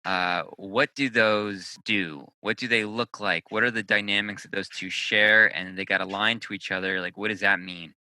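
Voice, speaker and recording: A man's voice: on the low side, steady tone, normal speed, few pauses, bright, forceful tone, dry recording, low-quality recording. A man co-hosting a podcast in casual chat, loose and a little profane, thinking aloud as he goes. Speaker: podcast co-host.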